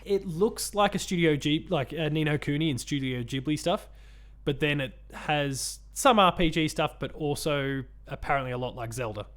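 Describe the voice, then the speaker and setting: A man's voice: on the high side, moderate pace, fairly bright tone. A man from Australia co-hosting a casual chat podcast, rambling with many ums and restarts. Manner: rambling, lots of ums and restarts, laughs often. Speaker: podcast co-host.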